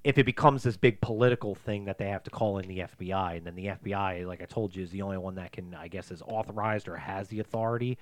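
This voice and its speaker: A man co-hosting a podcast, quickly recapping a movie plot with curses and short impressions. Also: deep voice, no room sound. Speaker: podcast co-host. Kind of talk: casual movie chat.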